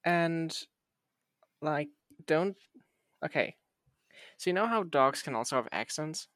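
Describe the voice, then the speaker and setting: Young male podcast host, higher voice, curious and teasing, dry close sound. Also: animated, slow, fairly bright tone, no room sound. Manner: curious, asks teasing questions. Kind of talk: casual chat.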